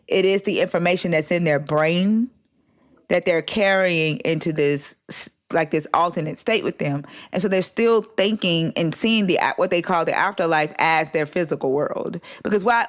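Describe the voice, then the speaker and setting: A livestream host telling a story in casual chat, profane and animated, acting out the dialogue they quote. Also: medium pitch.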